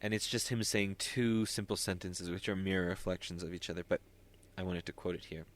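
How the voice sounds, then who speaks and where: A man's voice: sits low, flat delivery, a little fast. A man hosting a solo podcast, talking in a rambling, self-interrupting way with wry asides. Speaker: podcast host.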